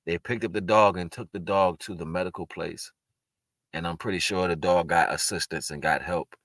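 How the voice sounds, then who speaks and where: A man's voice: low voice, fairly even intonation, moderate pace, fairly bright tone, dry recording. A man talking in a casual, rambling monologue, earnest and spiritual, often restarting his sentences. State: tearful at moments. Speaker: vlogger sharing personal reflections.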